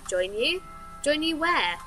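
A woman's voice: sits high, very animated, slow, pushed and bright, soft background music, voice pushed up, exaggerated voice. Woman voicing young Fran, sweet and curious. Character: young girl, polite and curious.

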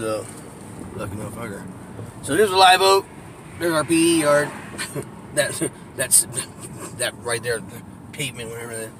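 A man narrates a loose, profane tour of his old neighborhood, laughing as he tells street stories. His voice sits in an ordinary middle pitch and comes through a phone mic inside a moving car. A faint hum of traffic and engine runs underneath. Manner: profane, laughing, animated storytelling. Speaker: vlogger giving a neighborhood tour. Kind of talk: casual storytelling while driving. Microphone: phone camera.

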